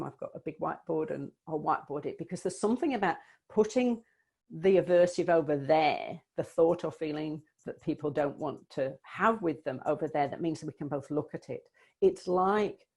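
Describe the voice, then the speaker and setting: Over a video call, a woman coach gives an online presentation, warmly explaining ideas and thinking aloud with a few restarts. Her voice is deep and slightly rough, with vocal fry.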